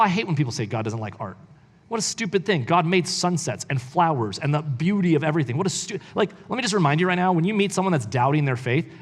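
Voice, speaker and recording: Recorded with a big-room sound, a man with a slightly high voice reads a book aloud at church and comments on it. His delivery is heated and informal, and he says "like" a lot.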